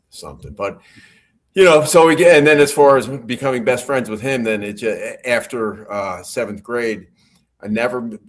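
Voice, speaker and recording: A man's voice: lowish voice, breathy edge. Rambling middle-aged man telling stories. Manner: rambling storyteller with restarts and laughs. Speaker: guest. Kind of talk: casual podcast chat.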